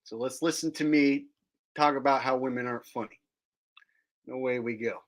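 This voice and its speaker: A man's voice: medium pitch, steady tone, moderate pace. A man talking casually to his stream audience, explaining things loosely with plenty of filler words. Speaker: streamer and comedian.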